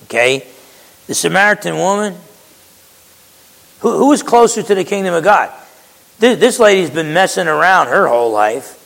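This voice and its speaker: A man's voice: sits high, expressive, moderate pace, gravelly, pauses often, a bit bright, in a large hall, low-quality recording. A man preaching a sermon in a conversational way, acting out quotes and often restarting his words.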